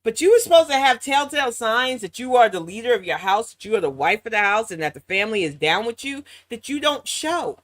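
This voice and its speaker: A woman's voice: on the high side, sing-song, brisk, few pauses, fairly bright tone, no echo, studio quality. An American woman hosting a reaction commentary, blunt and sarcastic, swearing freely. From United States. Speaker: commentary channel host.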